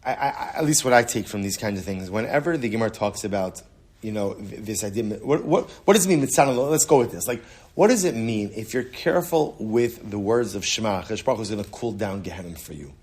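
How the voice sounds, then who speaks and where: A man's voice: lowish voice, animated, quick pace, a little mellow, breathy edge. A man, a rabbi, giving a casual Talmud lesson in a conversational way, often repeating words as he restarts a sentence and answering students. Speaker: rabbi teaching a Talmud class.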